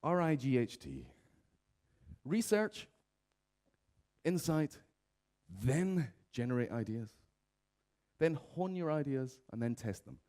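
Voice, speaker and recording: A man giving a comic conference keynote, lively, slipping into raised voices to mimic office characters. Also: medium pitch, slow pace, pauses often. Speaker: conference speaker. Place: conference stage.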